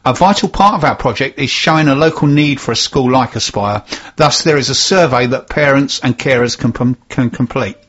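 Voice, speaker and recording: Husky male radio presenter. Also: mid-range voice, lo-fi sound. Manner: steady, measured reading with careful spelling out. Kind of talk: reading community announcements on local radio.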